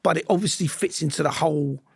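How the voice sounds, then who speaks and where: A middle-aged actor-director with a gravelly, husky voice, fairly high for a man. He talks earnestly and presses his points home, often repeating them. The sound is dry and close. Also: quick pace, dry recording. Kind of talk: casual chat.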